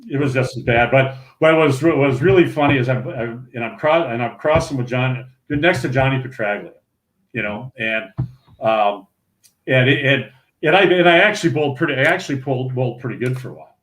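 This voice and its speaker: A man in his sixties from Minnesota, a guest telling rambling, lively stories full of restarts and chuckles in a relaxed podcast chat. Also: mid-range voice, a little fast. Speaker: interview guest, retired pro bowler. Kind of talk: casual storytelling in a podcast interview.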